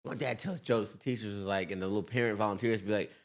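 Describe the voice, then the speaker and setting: A male comedian in casual podcast chat, laid-back, jumping into high-pitched impressions of people. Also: fast talker.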